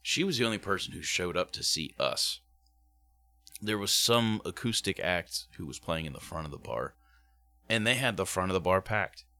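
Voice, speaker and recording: A man in his thirties casually telling a story, acting out quotes in high voices. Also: expressive, moderate pace, bright, forceful tone. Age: 30s.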